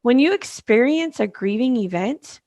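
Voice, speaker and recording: A woman's voice: fairly high pitch, lively intonation, moderate pace, a little mellow, no room sound, studio quality. A middle-aged woman co-hosting a podcast, speaking emphatically in casual conversation and repeating words for stress. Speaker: podcast co-host, grief specialist.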